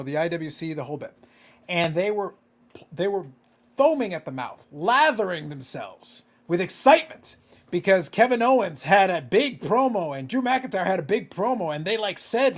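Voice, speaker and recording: A man's voice: high-pitched, animated, normal speed, a bit bright. A man co-hosting a casual podcast, ranting with exasperation and swearing freely. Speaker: podcast co-host.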